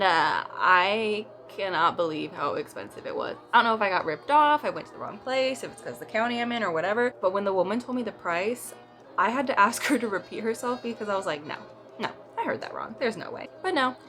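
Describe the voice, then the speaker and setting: A woman's voice: mid-range voice, pushed and bright. A young woman from the US West Coast vlogging casually to camera, telling stories with comic exaggeration and playful quoted voices. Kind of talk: casual vlog talk to camera. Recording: faint background music.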